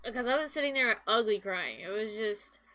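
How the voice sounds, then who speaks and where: A woman's voice: fairly high pitch, lively intonation, a little fast, bright, forceful tone, rough recording. A young woman streaming a video game, rambling through casual commentary and anecdotes and swearing freely.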